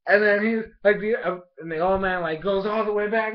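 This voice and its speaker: A man casually reviewing an anime episode, rambling with lots of fillers and excited laughs. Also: high-pitched, a little fast, few pauses. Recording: dull lo-fi sound.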